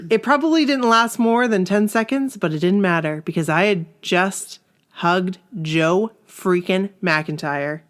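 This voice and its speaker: Animated woman reading fan stories aloud. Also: measured pace. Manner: animated, laughs often, jumps into high exclamations. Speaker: podcast co-host reading listener stories. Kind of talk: casual chat, reading aloud.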